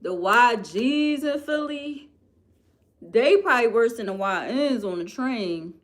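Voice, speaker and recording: Her voice runs on the high side at a measured pace. On her livestream, this Philadelphia-accented host reads out viewer comments in a chatty, expressive way, addressing people as "y'all" and "girl."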